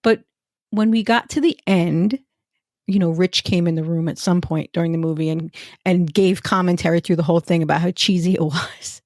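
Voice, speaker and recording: A woman co-hosting a podcast in casual chat, telling animated stories and laughing often. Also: lowish voice, moderate pace, dry recording, studio quality. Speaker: podcast co-host.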